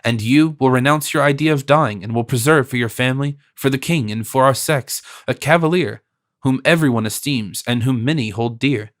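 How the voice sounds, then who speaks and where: A man reading an audiobook, voicing a composed, gentle noble princess in a measured, lightly raised voice. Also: medium pitch, lightly acted. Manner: gentle, measured, softly teasing.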